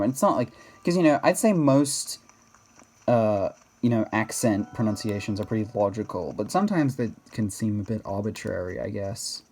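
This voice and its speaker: A man's voice: lowish voice, a little mellow, a little hiss or hum. An Australian man chatting casually over gameplay, rambling and self-correcting with laughs. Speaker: gaming video host.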